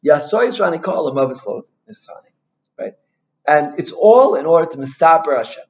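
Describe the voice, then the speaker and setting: A male rabbi giving an informal Torah talk, an animated storyteller who mixes in Hebrew and Yiddish terms and keeps asking "right?". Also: a little high, moderate pace, highs cut off.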